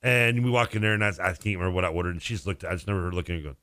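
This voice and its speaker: A middle-aged man with a Southern accent, co-hosting a radio show, playful and animated as he tells stories. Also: low voice, very fast, dry recording, clean studio sound. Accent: Southern American. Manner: animated, playful, slips into movie impressions. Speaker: radio co-host. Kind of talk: casual chat.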